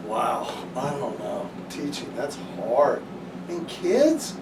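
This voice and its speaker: A man's voice: medium pitch, very animated, slow. A man playing a giggly, awkward office worker. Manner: bashful, giggling. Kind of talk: improv comedy scene. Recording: distant echoey stage recording with room noise.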